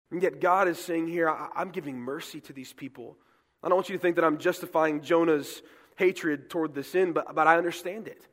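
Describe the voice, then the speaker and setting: A man preaching a sermon as pastor, fast and emphatic, often repeating words as he pushes ahead. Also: a little high. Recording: long hall reverb.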